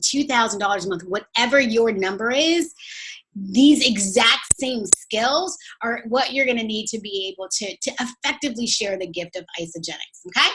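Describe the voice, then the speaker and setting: A woman's voice: on the high side, a bit bright, breathy edge, poor audio. A woman giving an enthusiastic, cheerleader-like training talk as a sales team coach. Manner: peppy, cheerleader-like. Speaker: network marketing trainer.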